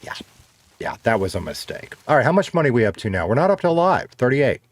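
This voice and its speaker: A man's voice: mid-range voice, very animated, quick pace. Chatty man streaming. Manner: chatty, reads viewer comments aloud. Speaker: streamer host. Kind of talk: casual livestream chat.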